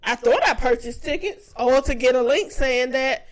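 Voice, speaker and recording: A woman's voice: high voice, normal speed. A woman co-hosting a podcast, telling stories and teasing in casual chat. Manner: lively, teasing storyteller. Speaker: podcast co-host.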